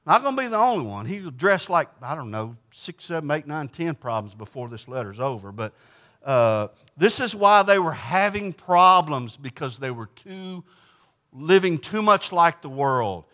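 Bright high-voiced male preacher. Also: animated, normal speed. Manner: folksy, emphatic, with frequent restarts. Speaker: pastor. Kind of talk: conversational sermon with scripture reading.

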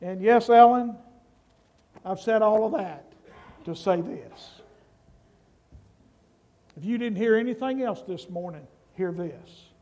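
A man preaching a sermon, slow and emphatic, building up to shouts. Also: sits high, lively intonation, lo-fi sound. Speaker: pastor.

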